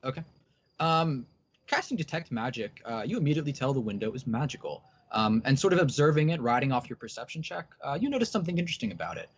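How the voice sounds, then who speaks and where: Man game master, hesitant ums, animated pitch, dull lo-fi sound. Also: fast talker, husky. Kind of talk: narrating a tabletop game. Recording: dull lo-fi recording.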